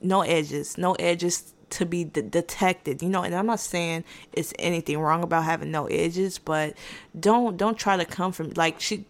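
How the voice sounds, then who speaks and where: A woman's voice: lowish voice, creaky. A woman hosting a podcast, telling a rambling story time in a dry, sarcastic and unbothered way. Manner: rambling with restarts and asides. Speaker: podcast host. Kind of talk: casual storytime monologue.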